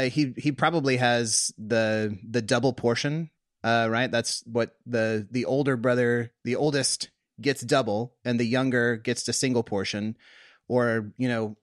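A man's voice: medium pitch, fairly bright tone, dry recording, studio quality. A man co-hosting a podcast, talking casually through a Bible story with many fillers and restarts. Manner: chatty, full of fillers and restarts. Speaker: podcast co-host. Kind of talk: casual conversational Bible discussion.

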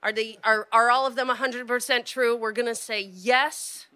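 A woman's voice: on the high side, steady tone, moderate pace, sharp tone. A woman on stage introducing her father as the next storyteller. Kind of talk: live storytelling.

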